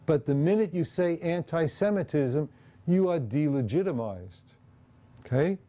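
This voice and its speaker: A male professor lectures in a loose, conversational way, talking his audience through slides and pausing often to check they follow. His voice sits a little high for a man, with a mellow tone. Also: lively intonation.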